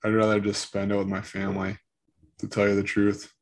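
Gravelly low-voiced man in casual chat. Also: completely flat delivery, brisk, a little hiss or hum. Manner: hesitant, full of fillers and restarts.

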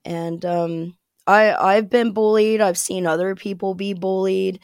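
A woman's voice: mid-range voice, steady tone, measured pace, clear, resonant tone, no echo, studio quality. An American woman talking as a podcast guest, chatty and rambling, with frequent fillers and laughs. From United States. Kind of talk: casual interview chat.

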